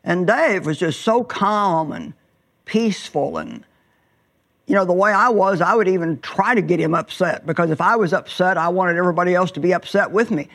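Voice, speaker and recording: Earnest woman preaching a sermon. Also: lowish voice. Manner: earnest, drawing out words for emphasis.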